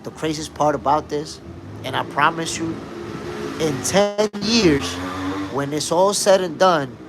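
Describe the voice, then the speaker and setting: A man hosting a casual live boxing talk stream, speaking emphatically and shouting out viewers in the chat. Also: fairly high pitch, background noise. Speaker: boxing show host.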